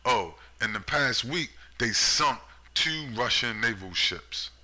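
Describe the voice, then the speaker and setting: A man's voice: medium pitch, expressive, slow, bright, forceful tone, rough recording. A man giving a profane, sarcastic vlog rant about politics, full of rhetorical questions. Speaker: political commentator. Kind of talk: ranting vlog commentary.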